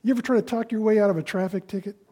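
Man, sermon, conversational, high-pitched voice, acts out quotes. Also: fairly even intonation, very fast, mellow. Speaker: preacher.

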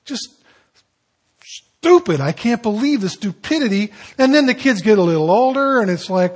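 An older man preaching a candid, confessional sermon, dropping at times into quiet, reflective tones. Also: sits high, animated, normal speed. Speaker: pastor.

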